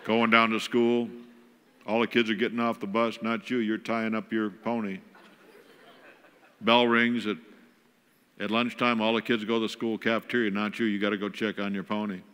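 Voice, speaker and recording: A man's voice: fairly low pitch, flat delivery, normal speed, pauses often, a bit bright, clean tone, long reverb tail. A man giving a folksy, joking talk as a guest speaker in a church. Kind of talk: humorous sermon talk on parenting. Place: church auditorium.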